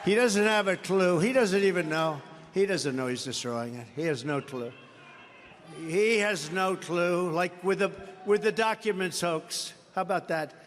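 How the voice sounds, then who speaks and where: A man's voice: sits high, measured pace. An older American man giving a boastful, mocking campaign rally speech into a podium microphone, repeating his phrases often. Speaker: political rally speaker. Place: large indoor rally venue. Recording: reverberant arena sound with faint crowd ambience.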